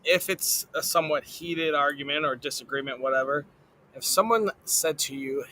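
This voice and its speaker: A male talk show host whose voice is very bright and a little high. He reads the sponsors haltingly and punches out the names as he introduces each guest. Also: a little hiss or hum, low-quality recording. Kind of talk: live show hosting, reading sponsors.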